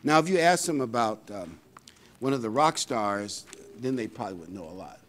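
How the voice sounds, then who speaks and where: Folksy older male preacher, lively pitch. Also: slight background noise. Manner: folksy, conversational preaching with scripture reading; pauses often with fillers to find verses. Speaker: pastor. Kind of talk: sermon.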